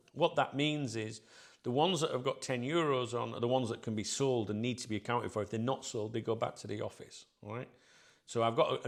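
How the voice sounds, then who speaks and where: Casual male interviewee, mid-range voice, chatty and rambling, leans on filler words. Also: mid-range voice. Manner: rambling, with tag questions and fillers. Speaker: football club staff member, interview guest.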